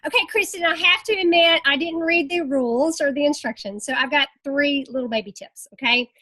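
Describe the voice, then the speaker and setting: A woman's voice: high voice, a little fast, bright, forceful tone. A woman giving emotional, chatty, scattered motivational tips as a network marketing ambassador on a group call.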